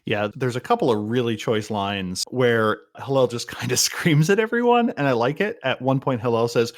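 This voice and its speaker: Animated, jokey man co-hosting a podcast. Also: medium pitch, brisk, few pauses. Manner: animated and jokey, often acting out quotes. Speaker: podcast co-host. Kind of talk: casual podcast review chat.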